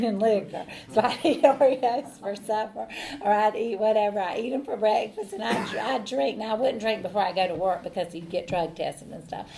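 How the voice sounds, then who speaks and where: A woman's voice: medium pitch, a little mellow, a little hiss or hum. A middle-aged woman, telling her recovery story in a rambling way, with many fillers and restarts, and laughing at herself. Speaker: AA speaker. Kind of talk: personal recovery talk.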